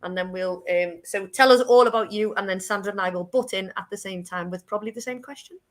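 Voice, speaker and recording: Fast-talking woman podcast host. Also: medium pitch. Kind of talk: casual chat.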